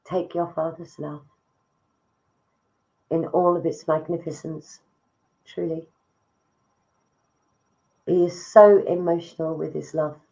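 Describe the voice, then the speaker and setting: A woman giving live psychic readings, soft and emotive, calling listeners darling. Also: low voice, fairly even intonation, slow, creaky, pauses often, low-quality recording. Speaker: psychic medium.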